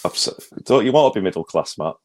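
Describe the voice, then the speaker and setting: A man's voice: low voice, lively intonation, a little fast. A man co-hosting a podcast, trading teasing banter. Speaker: podcast co-host. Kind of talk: casual chat.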